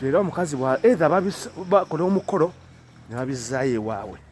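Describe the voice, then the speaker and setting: A Ugandan-accented man chats to his camera while out in the cold, his fairly high voice loose and conversational. He drifts between English and Luganda with little laughing asides. Faint street noise sits behind him on the outdoor recording. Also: lively intonation, fast talker, a little mellow. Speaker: vlogger. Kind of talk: casual vlog monologue.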